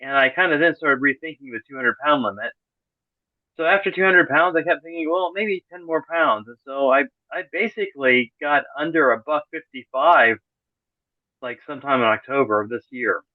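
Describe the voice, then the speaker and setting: A man's voice: medium pitch, moderate pace, dry recording. A middle-aged man, a podcast guest, talks casually in an interview, rambling and correcting himself as he goes, with dry, sarcastic humor. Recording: tinny phone-like call audio.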